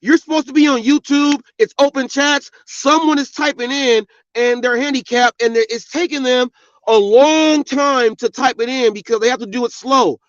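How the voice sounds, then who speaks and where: A middle-aged man hosting a podcast delivers an angry, profane, preachy rant in an extremely high-pitched voice at a moderate pace. The monologue is recorded with no room sound and a dull, lo-fi quality.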